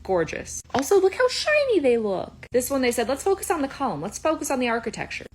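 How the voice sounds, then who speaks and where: A woman's voice: high voice, wildly swooping pitch, a little hiss or hum. A young woman giving playful, casual reaction commentary as a video creator. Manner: chatty and playful, quick asides.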